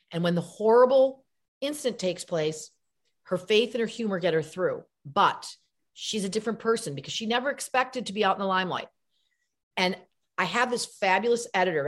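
A middle-aged woman, an actress and comedian, chatting as an interview guest and acting out quotes in voices. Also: lowish voice. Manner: animated storyteller, acts out quotes in voices.

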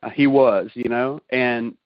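A man recounting a turning point in his life with folksy earnestness and quick laughs at himself. His voice sits at an ordinary pitch, and the recording is dry and a little dull, like a lo-fi call. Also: lively intonation, dry recording. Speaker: guest sharing a testimony. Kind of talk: emotional personal storytelling. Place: call over the internet.

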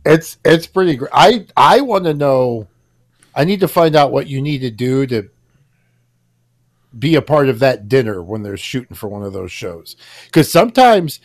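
A podcast co-host telling a story, swearing freely and laughing at his own punchlines. His pitch sits in the middle of the male range, and he talks in a loose, casual way. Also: sing-song, moderate pace. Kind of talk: casual chat.

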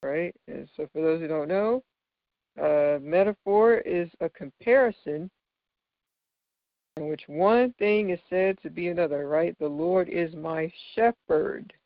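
At a measured pace, a man with a fairly high, creaky voice gives patient explanations of figures of speech from scripture, regularly checking understanding with "right?". The dull lo-fi audio is dry, without echo.

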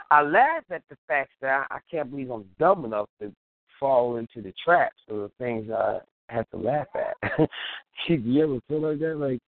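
A man's voice: mid-range voice, dry recording. A man hosting an internet radio show, talking casually, laughing often and acting out little scenes in quoted voices. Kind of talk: casual comedic monologue. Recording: tinny phone-line call-in audio.

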